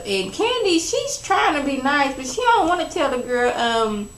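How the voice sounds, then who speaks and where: A woman chatting casually as she recaps a reality show, gossipy and animated, acting out what people said. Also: moderate pace, hardly any pauses, reverberant, slight background noise, poor audio. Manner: chatty, gossipy, acts out quotes with big pitch jumps.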